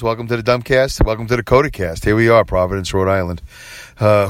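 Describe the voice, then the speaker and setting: A man's voice: fairly low pitch, no room sound. A man in his forties hosting a podcast, rambling alone with self-deprecating humor and frequent chuckles. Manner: self-deprecating, chuckles often, animated when quoting himself. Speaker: podcast host. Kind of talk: rambling solo podcast monologue.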